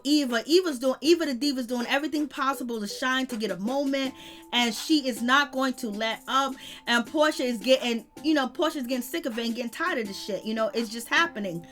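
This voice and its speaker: A woman hosting a casual live commentary, talking in slangy, animated asides straight to her viewers. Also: high-pitched. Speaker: reality-TV commentary host.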